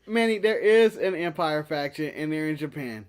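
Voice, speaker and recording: A high-pitched man co-hosting a loose wrestling chat show. He talks in an animated, joking way and laughs a lot. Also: normal speed, smooth. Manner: animated, jokey, breaks into laughter and mock voices. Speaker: podcast co-host. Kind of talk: casual wrestling recap chat.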